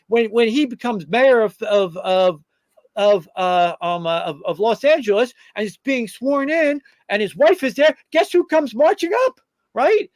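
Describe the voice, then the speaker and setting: High-voiced combative talk host, dry mic. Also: male voice, dry recording. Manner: rambling, combative, many fillers and restarts. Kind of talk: political talk commentary.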